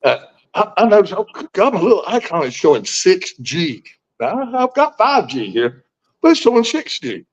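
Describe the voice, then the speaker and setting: This guest, a man in his sixties, is very animated as he tells a personal story at a normal speed, his voice sitting high. He speaks bluntly and folksily, swears freely, and keeps restarting sentences, all captured on a muffled lo-fi recording.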